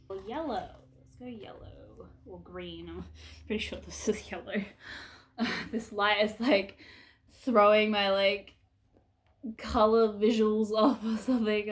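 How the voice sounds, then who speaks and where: A young woman chatting casually to camera in a room at home, rambling and reflective with many fillers. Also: medium pitch. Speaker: vlogger.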